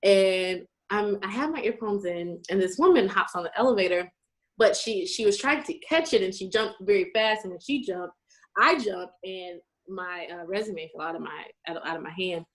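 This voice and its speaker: A woman in her twenties hosts a casual chat, telling stories with animation and acting out the people she quotes. Her voice is medium-pitched and her pace normal.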